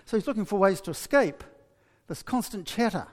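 A man preaching a sermon, telling a story with many restarts and lively asides. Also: high-pitched, a little fast, in a large hall.

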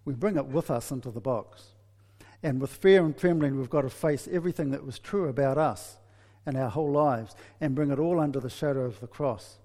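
A man preaching a sermon, telling a story with many restarts and lively asides. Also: mid-range voice, fairly quick, in a large hall.

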